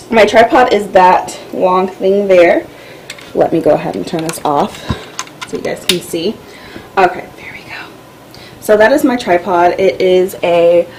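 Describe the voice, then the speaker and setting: A woman's voice: mid-range voice, a little mellow, a little hiss or hum, poor audio. A woman vlogger giving a casual tour of her home office and filming room, chatty and loose with lots of fillers. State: out of breath. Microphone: camera-mounted mic.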